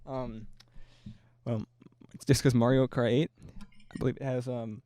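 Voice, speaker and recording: A young man on a casual podcast, explaining his views at length in a relaxed way. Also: medium pitch, measured pace. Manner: relaxed, filler-heavy explaining. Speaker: podcast co-host. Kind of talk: casual chat.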